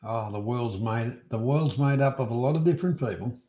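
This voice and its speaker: A man's voice: mid-range voice, a little fast, warm tone. Easygoing man on a call. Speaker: call-in co-host. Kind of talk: casual chat.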